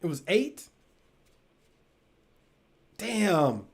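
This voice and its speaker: A man's voice: sits high, very animated, extremely slow, husky. A man hosting a relationship talk show, chatting loosely with his live audience. He swears freely, laughs often and trails off mid-thought. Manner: addresses the audience directly. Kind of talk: casual live-stream chat with viewers.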